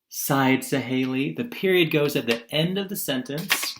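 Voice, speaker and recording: A male teacher talks through a recorded video lesson at a middle pitch. He keeps asking his class questions and answering them, and he acts out quoted lines in voices of their own. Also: normal speed, hardly any pauses, a little hiss or hum.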